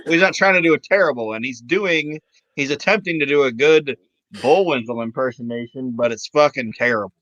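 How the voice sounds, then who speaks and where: A man's voice: medium pitch, a little fast, a bit bright, no echo. Blunt, swearing man on a lo-fi mic. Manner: blunt, heavy swearing, mocking. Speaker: podcast co-host. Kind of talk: casual chat. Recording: dull lo-fi mic.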